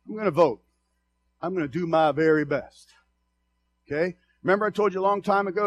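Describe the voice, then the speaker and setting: A man preaching a sermon to a congregation, passionate and emphatic, moving between loud exhortation and low, confiding asides. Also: creaky, a little hiss or hum.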